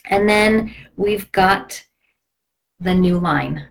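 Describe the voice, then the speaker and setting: A woman's voice: lowish voice, very slow, gravelly, slight background noise. Gushing, impassioned woman hosting a live video. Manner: gushing and impassioned, preachy at times. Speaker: host of a live product video. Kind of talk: casual live-stream product talk. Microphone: live video stream.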